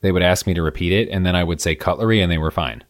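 A man's voice: sits low, rapid-fire, dry recording, studio quality. A man from the Midwest, chatting casually and telling stories with enthusiasm. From American Midwest. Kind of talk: casual chat.

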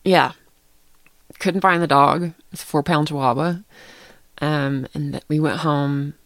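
A middle-aged woman telling a story in casual chat, animated and laughing often. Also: sits low, measured pace, no echo.

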